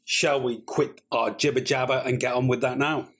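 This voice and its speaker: A British man co-hosts a film reaction chat, speaking in a mid-range, fairly bright voice with a breathy edge, fairly even intonation, and a moderate pace. The talk is casual and chatty, full of jokes and rambling asides.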